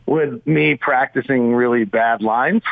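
A man's voice: medium pitch, takes it slowly, gravelly, no echo. A man giving loose, rambling basketball analysis as a weekly radio guest, thinking aloud with plenty of fillers. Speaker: team radio broadcaster, guest. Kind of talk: casual sports radio analysis. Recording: tinny phone line.

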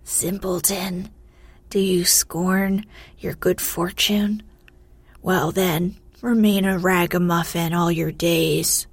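A woman voicing an ancient male mountain spirit who guards a treasure, with a hoarse, grating voice. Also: on the low side, slow pace, dry recording, exaggerated voice. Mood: mocking.

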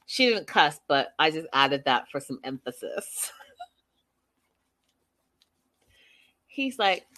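A woman's voice: on the low side, measured pace, pauses often, fairly bright tone. A woman hosting a casual recap of a reality show, reading viewer comments aloud and giving chatty, opinionated takes. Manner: chatty and opinionated, with frequent fillers.

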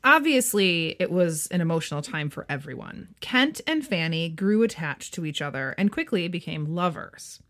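Lady podcast cohost, kinda low voice, reads history script then jokes around. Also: lively intonation, normal speed, few pauses, a bit bright. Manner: playful, banters and reads with emphasis. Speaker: podcast co-host. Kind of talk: scripted history narration with chat.

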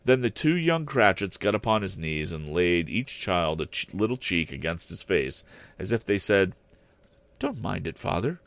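A man narrating a classic story aloud in an expressive, deliberate reading style. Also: sits low, dry recording. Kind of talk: audiobook narration.

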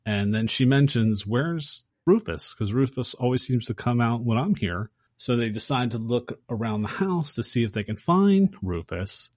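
A man casually recapping a horror film on a podcast, acting out the characters' lines with animated energy. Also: medium pitch, moderate pace, hardly any pauses, no echo, clean studio sound. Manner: animated storyteller acting out quotes. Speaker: podcast host.

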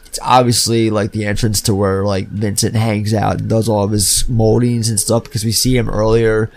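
A man's voice: lowish voice, normal speed, gravelly. A man co-hosting a podcast, talking casually and profanely about a horror film. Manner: animated, profane, acts out scenes. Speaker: podcast co-host. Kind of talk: casual film review chat.

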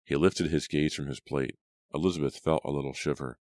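Very deep-voiced male audiobook narrator. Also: dry recording. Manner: steady, measured reading. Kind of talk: scripted narration.

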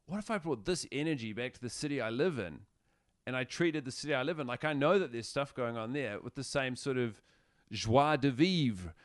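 A man talking in casual podcast chat, his voice smooth and clear. He riffs wryly with some swearing. The sound is dry and close to the mic. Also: mid-range voice, no echo. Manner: profane, wry, riffing.

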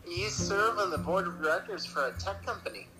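A man co-hosting a comedy show, answering in deadpan, profane quips. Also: high-pitched, a little fast, over music. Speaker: co-host. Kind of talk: casual comedic banter.

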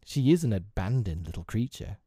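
A prim little girl who mothers everyone speaks in a high, bobbing voice, acted out by a man reading aloud. She is earnest and proper, with a scornful edge when crossed. The sound is close and dry, with a soft, mellow tone. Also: big pitch swings, unhurried, no room sound. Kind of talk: storybook character voice.

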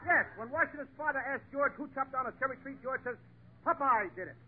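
A man's voice: very high voice, fast. A man in an old-time radio comedy routine, whiny and flustered, always mixing up his words. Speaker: comedian in a double act. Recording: tinny old radio broadcast with hiss.

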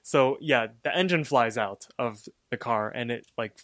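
A man's voice: mid-range voice, a little slow, fairly bright tone, dry recording, clean studio sound. A man co-hosting a podcast, casually retelling a cartoon episode in a rambling way, full of fillers. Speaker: podcast co-host.

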